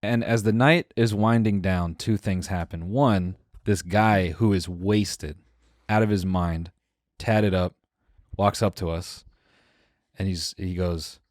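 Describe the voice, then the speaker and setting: Young guy on a podcast, lowish voice, dry close mic, tells stories and does everyone's voices. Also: takes it slowly, no echo. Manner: animated storyteller, acts out quoted people, swears freely. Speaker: podcast co-host. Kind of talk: casual storytelling.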